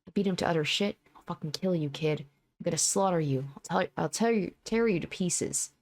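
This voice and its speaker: A woman reading the hateful, profane thoughts of vicious young male thugs, with snarling threats in a low voice. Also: brisk, darkish tone.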